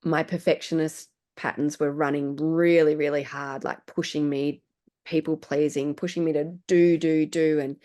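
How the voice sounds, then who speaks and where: Aussie woman in her 40s, lowish voice, earnest and emotional, keeps restarting sentences. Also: little pitch movement, normal speed, dark tone. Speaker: guest. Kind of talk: casual chat.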